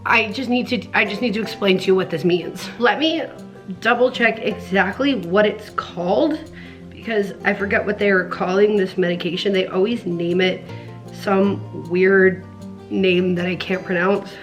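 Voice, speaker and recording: A woman's voice: mid-range voice, normal speed, soft background music. A young woman talking earnestly and emotionally in a casual personal vlog at home, rambling with many restarts. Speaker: vlogger.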